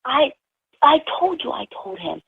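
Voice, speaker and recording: A woman on a phone call, crying and pleading in a hushed voice as she defends herself. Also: high voice, very animated, moderate pace, creaky, dry recording. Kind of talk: tearful phone argument. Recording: tinny phone line.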